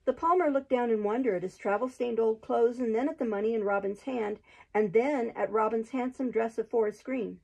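A woman hosting her own show, reading a storybook aloud in a steady, even narration. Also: fairly high pitch, brisk, vocal fry, breathy edge, dull audio.

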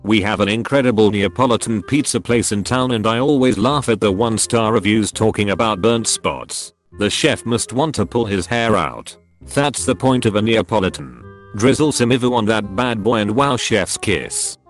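Male narrator, low and animated, reads forum posts as scripted narration, faint music under. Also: normal speed. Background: faint background music.

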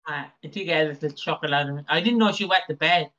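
Co-hosting a podcast, a man chats casually about a soap opera, rambling, joking, and often tripping over his words. His voice is on the high side, quick, bright, and forceful, captured through a dull lo-fi mic.

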